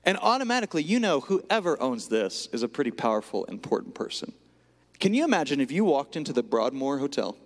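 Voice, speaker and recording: A man preaching a sermon earnestly, rising to emphatic lines and dropping to hushed whispers. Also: mid-range voice, very animated, fairly quick. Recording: long hall reverb.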